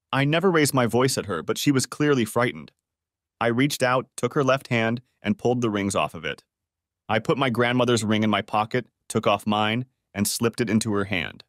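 A man's voice: medium pitch, moderate pace, fairly bright tone, no echo, studio quality. A man narrating a dramatic first-person story for an audiobook.

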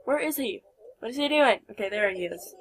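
A woman's voice: on the high side, animated, a little fast, a bit bright, husky. A young woman giving casual let's play commentary, chatty and giggly, talking to her game characters. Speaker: gameplay commentator.

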